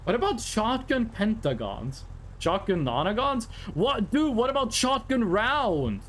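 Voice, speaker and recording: A man streams a driving game and rambles playfully, joking and singing snatches of songs as he chats. His voice sits high with big pitch swings, a little slow and a bit bright, with a touch of hiss or hum.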